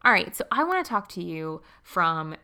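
A young woman hosting a devotional podcast, talking casually and warmly, often laughing and calling the listener friend. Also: lowish voice, very animated, normal speed. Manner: warm, chatty, laughs often, says friend. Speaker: podcast host.

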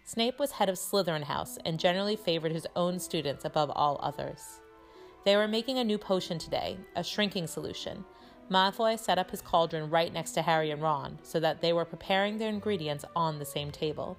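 Low-voiced woman reading a storybook aloud. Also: soft background music. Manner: steady, measured narration.

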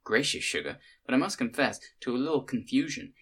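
A man voicing a chatty Southern American woman with a put-on Southern drawl, folksy and quick. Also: medium pitch, sing-song, a bit bright, breathy edge, voice pushed up. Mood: puzzled.

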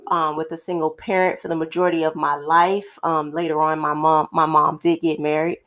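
A woman co-hosting a casual conversational podcast, speaking in a thoughtful, measured way with frequent pauses. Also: deep voice, level tone, a bit bright. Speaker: podcast co-host.

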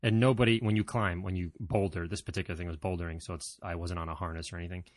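Talking very fast in a low, steady voice, a man vlogs a personal story to his viewers in a loose, meandering style, with lots of filler words, self-corrections and jokes at his own expense. The sound is clean studio audio with no echo.

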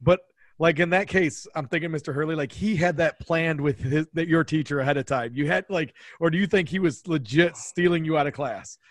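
Dry-sounding, higher-voiced male host. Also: fairly quick, dry recording. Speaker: podcast host, teacher. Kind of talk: casual interview.

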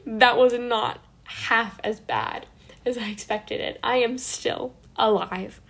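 Gravelly-voiced woman telling a dramatic story. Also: a little high, takes it slowly. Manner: dramatic, animated, self-mocking. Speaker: vlogger. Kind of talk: personal storytelling.

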